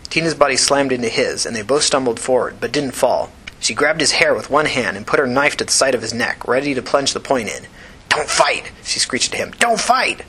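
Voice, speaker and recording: A man's voice: medium pitch, fairly quick, hardly any pauses, fairly bright tone, slightly rough, low-quality recording. A man narrating a novel chapter for a fiction podcast, with tense, driving storytelling. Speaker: audiobook narrator.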